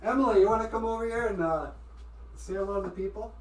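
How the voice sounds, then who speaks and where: A man's voice: sits high, fast, a little mellow, slight background noise. A man hosting a casual livestream, rambling and self-deprecating as he chats to viewers. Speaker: livestream host.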